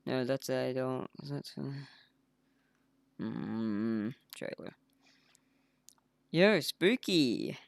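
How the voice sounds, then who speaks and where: Indie dev man on a livestream: chatty, self-mocking, clear voice, dry sound. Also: mid-range voice, steady tone, very slow, long pauses, mellow, dry recording. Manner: rambling, chatty, laughs at himself. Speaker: indie game developer streaming. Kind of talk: casual livestream chat.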